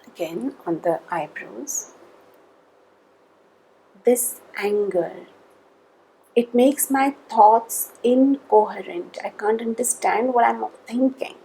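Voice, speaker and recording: A woman leading a guided tapping session, calling out tapping points in a slow, measured way between spoken statements. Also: a little high, vocal fry, mellow, slight background noise, low-quality recording.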